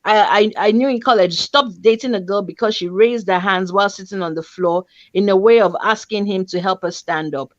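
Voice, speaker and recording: Woman, chat show host, reads stories aloud, teasing asides, middle pitch, muffled video-call sound. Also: fairly quick, few pauses, no echo. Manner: animated, laughing, teasing asides. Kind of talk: casual chat, reading listener stories aloud. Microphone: video call stream.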